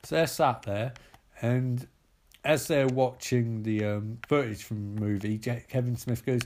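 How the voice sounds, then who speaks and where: A man's voice: medium pitch, fairly even intonation, a little slow, darkish tone. A man telling a rambling, profane comic story with many asides.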